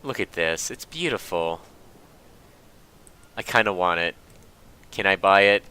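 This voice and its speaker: A man's voice: deep voice, expressive, a little slow, sharp tone, clean tone. A man casually commenting on his video game playthrough, making wry, chatty asides. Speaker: let's play host.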